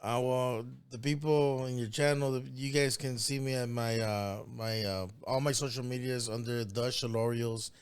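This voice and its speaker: A man's voice: mid-range voice, fairly even intonation, normal speed, few pauses, clear, resonant tone. A man with an accent, a guest on a podcast, speaking hesitantly with many restarts and a modest manner. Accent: non-native English. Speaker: podcast guest, shoe cleaner maker. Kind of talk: casual interview chat.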